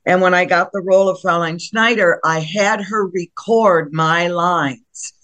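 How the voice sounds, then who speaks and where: A woman, a stage actress, answering interview questions over a video call in a halting but enthusiastic way. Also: fairly low pitch, fairly bright tone.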